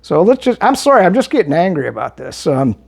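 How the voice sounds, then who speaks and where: A man answers his viewers in a heated, argumentative monologue. His pitch swings up and down animatedly, and he often stumbles and restarts mid-sentence. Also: very animated, fairly quick, gravelly. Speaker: political commentary vlogger. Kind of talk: monologue reading and replying to viewer comments.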